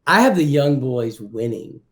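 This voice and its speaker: A man's voice: mid-range voice, lively intonation, measured pace. A man co-hosting a casual sports podcast, laid-back and confident in his score predictions. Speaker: podcast co-host.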